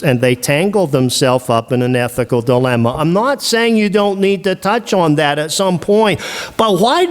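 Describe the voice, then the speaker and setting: A man giving a seminary lecture on the Bible, animated and full of rhetorical questions. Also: mid-range voice. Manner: animated, asks rhetorical questions, acts out quoted voices.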